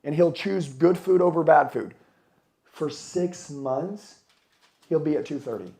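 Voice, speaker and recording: A man's voice: a little high, animated, measured pace, dark tone. A middle-aged man giving a blunt, profane motivational speech to a live audience at a conference, firing questions at the crowd. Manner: blunt, swearing, fired-up, asks the crowd questions. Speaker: motivational speaker.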